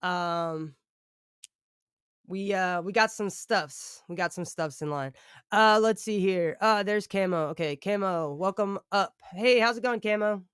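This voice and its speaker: Smooth-voiced chatty livestreamer. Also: mid-range voice, measured pace, fairly bright tone, no room sound, clean studio sound. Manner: rambling, chatty, keeps thanking viewers. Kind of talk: casual livestream chat with viewers.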